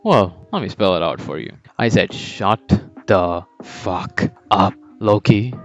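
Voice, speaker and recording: Man doing a cocky teen striker, loud taunting, higher pitched, lo-fi with music. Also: huge pitch swings, fairly quick, full character voice. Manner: taunting, sneering, shouting. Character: cocky furious teen male soccer striker. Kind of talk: fan story voice acting. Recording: dull lo-fi with background music.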